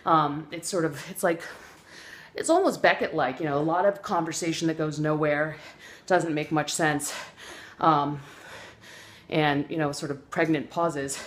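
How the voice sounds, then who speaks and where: Woman doing a rambly earnest self-help bit, lots of ums, lowish voice, echoey room. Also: fairly even intonation, a little slow. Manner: rambling, earnest, full of fillers. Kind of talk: comic motivational monologue.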